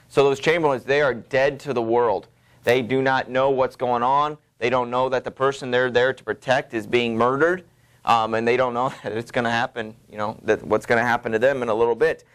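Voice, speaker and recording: A man's voice: mid-range voice, smooth. A man teaching a classroom literature lecture, explaining casually with lots of ums and you knows. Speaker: high school literature teacher.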